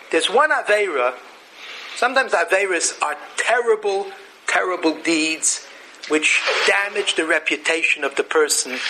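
A man giving an animated Torah lecture. He mixes Hebrew and Yiddish terms into his English and poses rhetorical questions before answering them himself. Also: sits high, slight background noise, low-quality recording.

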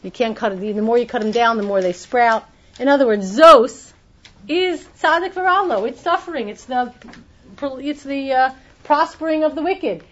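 Higher-voiced woman teaching, lo-fi recording. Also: normal speed, fairly bright tone. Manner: explanatory, many restarts, acts out quoted voices. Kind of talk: Torah class on the Haggadah. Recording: dull lo-fi recording.

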